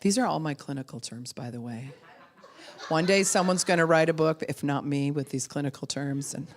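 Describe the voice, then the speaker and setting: A middle-aged woman pastor preaches with a low, deep voice. She talks casually and animatedly, acting out little quotes and breaking into laughter as she goes. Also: normal speed. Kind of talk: sermon.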